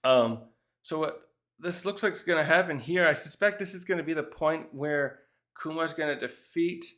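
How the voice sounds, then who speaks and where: A man casually reviewing a manga chapter, thinking out loud and often restarting his sentences. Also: a little high, normal speed.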